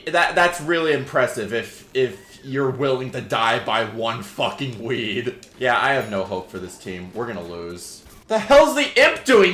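Young guy gaming, cussing out his team, bright sharp voice, roomy echo. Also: on the high side. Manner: swears and yells at teammates, sarcastic. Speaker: gaming YouTuber. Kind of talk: gameplay commentary.

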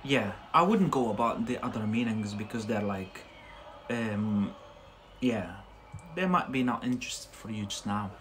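A man's voice: fairly low pitch, lively intonation, a little slow, slight background noise. A man with a Scottish accent teaching English words on a live stream, chatty and checking in with frequent tag questions.

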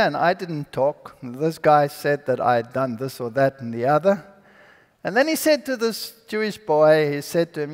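High-voiced man telling his story in a hall. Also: a little slow. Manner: animated storyteller who acts out the people in his story. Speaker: speaker giving a personal testimony. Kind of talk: storytelling sermon to an audience. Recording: long hall reverb.

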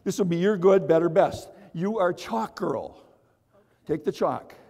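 A man's voice: high voice, a little slow, creaky, warm tone. A man running a seminar on stage, playful and teasing, calling out to the audience and using volunteers for magic tricks. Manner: playful, teasing, call-and-response with the crowd. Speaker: motivational speaker and magician. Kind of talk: energetic seminar talk with audience participation. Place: large hall with audience. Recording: echoey hall reverb.

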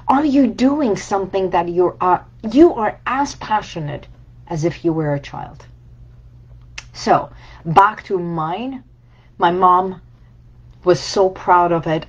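A woman coach speaking slowly and deliberately in a slightly low voice. She is reflective, repeating and layering her phrases like a list. The recording sounds dull and lo-fi. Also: darkish tone. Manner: reflective and repetitive, building phrases in lists. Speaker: healing coach. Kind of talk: motivational talk.

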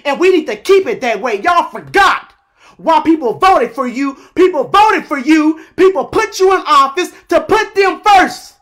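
High-voiced man on an exasperated rant. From United States. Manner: exasperated, repetitive rhetorical questions, addresses viewers as y'all; emphatic, at times shouting. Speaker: online commentator. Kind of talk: impassioned political rant to camera.

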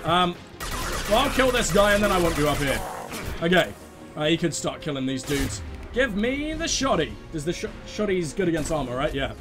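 A man commentating his own gameplay, excitable, swearing freely and giving orders to his teammates. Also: fairly high pitch, normal speed, over music. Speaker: let's play host.

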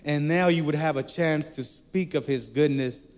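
Male preacher, slightly high voice, chatty storytelling sermon, echoey hall. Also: moderate pace, darkish tone.

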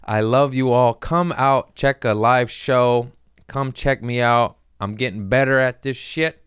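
A man's voice: mid-range voice, steady tone, measured pace, fairly bright tone, smooth, no room sound, studio quality. A man in his thirties hosting a comedy podcast, rambling through the intro with self-mocking jokes and a lot of cussing.

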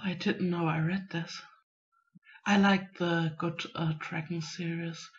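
A woman thinks aloud in a relaxed vlog, speaking slowly and musing to herself. The recording sounds a little dull and muffled. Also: fairly low pitch. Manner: musing, unhurried, self-talking. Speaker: writing vlogger.

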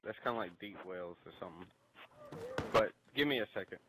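A man's voice: low voice, quick pace, noisy background. A man in a casual gaming chat, joking around and boasting playfully, heard over a headset. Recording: clear gunfire from the game behind.

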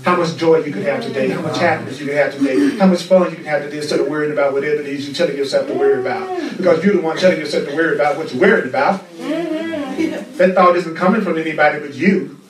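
A man's voice: fairly high pitch, expressive, quick pace, crowd noise. A man teaching a spiritual class with a fervent, repetitive preaching cadence. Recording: roomy echo, far from the mic.

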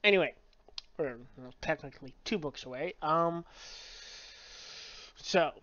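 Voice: mid-range voice, unhurried, fairly bright tone, no echo, lo-fi sound. A book reviewer in a casual review, rambling with many fillers and frequent swearing. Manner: rambling, filler-heavy, profane.

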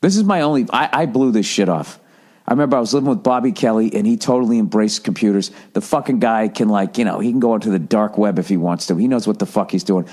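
A man's voice: fairly low pitch, fast. A man in his forties from the United States, telling a comic story as a podcast host in a profane, exasperated rant. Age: 40s. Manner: profane, exasperated, mimics voices loudly.

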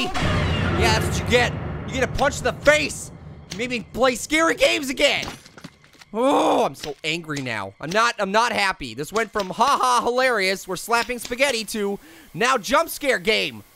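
A man voicing a hyper, wisecracking male cartoon fruit who excitedly comments on a video game, repeating himself and yelping at scares. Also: moderate pace, noisy background, exaggerated voice. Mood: indignant. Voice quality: high, gravelly voice. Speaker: let's play commentator. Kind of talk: let's play commentary.

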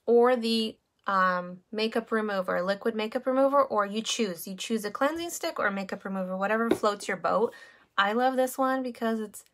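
A woman's voice: medium pitch, fairly bright tone. A woman in her thirties chatting casually on a live stream while showing makeup, with many fillers. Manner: chatty, greets viewers by name, many fillers.

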